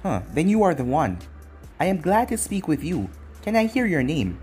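A man reading as an ancient sage, formal and calm. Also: a little high, moderate pace, soft background music. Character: ancient wise male sage.

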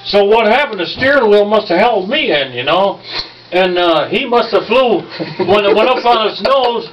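A man's voice: high-pitched, animated, moderate pace, far from the mic, dull audio, a little hiss or hum. A man telling profane stories among friends, often laughing while he talks. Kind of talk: casual storytelling.

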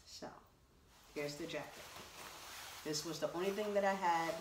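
A woman's voice: sits low, normal speed, pauses often, far from the mic, a little hiss or hum. A woman chatting through a clothing try-on haul video, exclaiming and talking straight to her viewers. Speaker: vlogger. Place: home room. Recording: roomy echo.

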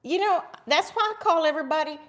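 A woman's voice: extremely high pitch, fast talker, fairly bright tone. A middle-aged woman hosting a live craft stream, bubbly and chatty, calling her viewers friends. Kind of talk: casual live craft demo chat.

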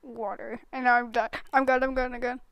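A woman's voice: a little high, little pitch movement, fairly quick, fairly bright tone, smooth, no room sound. A woman giving casual, silly gameplay commentary, often breaking into giggles. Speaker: gaming YouTuber.

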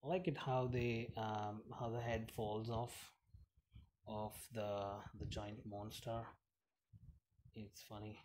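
A man's voice: lowish voice, little pitch movement, slow pace, background noise. A man giving casual, rambling commentary while playing a mobile game, chatty and giggly, with many fillers. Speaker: gaming channel host.

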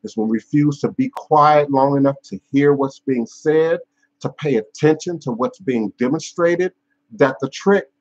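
A man with a husky, slightly breathy voice hosts a live stream as a spiritual teacher. He speaks in a measured, emphatic way, stacking repeated phrases and pausing on fillers. The audio is dull and lo-fi. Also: medium pitch, darkish tone. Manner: frequent fillers and restarts. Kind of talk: unscripted live-stream talk.

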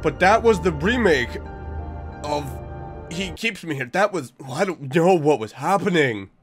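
A man giving let's play commentary, thinking aloud and bursting into high-pitched, confused panic. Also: animated, unhurried, music in the background. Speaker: game streamer.

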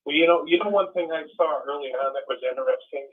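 A man's voice: on the high side, fast talker. A man in casual conversation, telling his story earnestly and with animation. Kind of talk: casual chat. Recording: tinny phone line.

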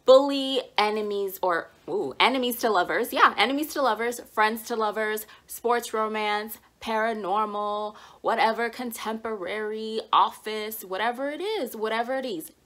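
Playful, animated woman book vlogger. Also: on the high side, moderate pace, hardly any pauses. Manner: playful and animated, laughs often, drops into stage whispers. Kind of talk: excited casual vlog announcement. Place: home, with dogs nearby.

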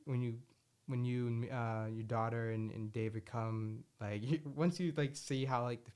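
A relaxed man hosting a podcast, chatting loosely with his co-host. He laughs easily and drops casual swears, rambling through his stories at an unhurried pace. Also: medium pitch, clean tone. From Boston area. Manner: laid-back, laughs often, swears casually. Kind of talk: casual chat.

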